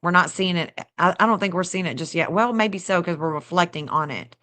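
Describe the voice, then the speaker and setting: A woman hosting a casual livestream, chatty and excitable, talking straight to her viewers and laughing often. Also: lowish voice, a little fast. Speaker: livestream host reading astrology maps.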